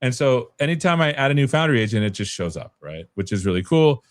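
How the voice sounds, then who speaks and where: A man's voice: mid-range voice, expressive, fast talker. A man on a video call giving a casual, rambling walkthrough of an app he built, with lots of "like" and "right?". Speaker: developer guest demoing an app. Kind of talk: casual tech demo chat on a livestream.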